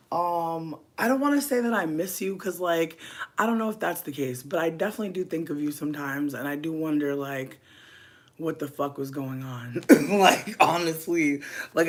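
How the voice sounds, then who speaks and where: Low-voiced, giggly young woman streaming. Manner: giggly, swings between loud laughing outbursts and hushed whispers; rambling, lots of "like" and "um", talks straight to chat viewers. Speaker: livestream host. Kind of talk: casual late-night livestream chat.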